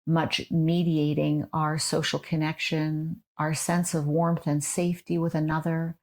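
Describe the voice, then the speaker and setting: A middle-aged woman, a trauma therapist, speaking slowly and explaining things in a measured way. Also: low voice, flat delivery. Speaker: neuropsychologist and trauma therapist guest. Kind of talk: interview conversation.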